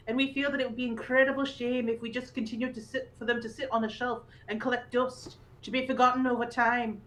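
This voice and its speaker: A woman's voice: high-pitched, a bit bright, rough recording. A woman with a Yorkshire accent co-hosting a casual roundtable podcast, reading an email aloud with giggly asides. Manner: giggly, chatty, reads with frequent asides. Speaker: podcast co-host.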